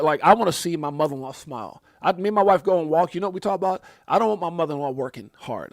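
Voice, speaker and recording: Crypto livestream guy, heartfelt and rambly, kinda high voice, dry sound. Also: no echo. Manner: rambling, heartfelt, repeats words, preacher-like phrases. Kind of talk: casual livestream chat.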